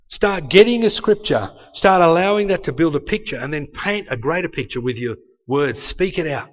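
A man's voice: sits high, fairly bright tone. A man, preaching an earnest, conversational sermon and speaking prayers aloud. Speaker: pastor. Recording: dull sound with long hall reverb.

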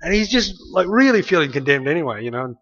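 A man's voice: on the high side, very animated, fast talker, fairly bright tone. Australian man, rambling sermon anecdote. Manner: rambling, conversational, many restarts. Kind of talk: sermon storytelling. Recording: slightly muffled lo-fi recording.

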